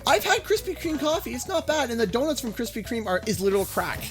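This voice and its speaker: A man from Canada chats casually on his game livestream, ranting with jokes. His pitch swings widely as he talks. Faint music plays behind him. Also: fast talker. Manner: animated ranting, jokey. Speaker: gaming livestream host. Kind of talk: casual chat.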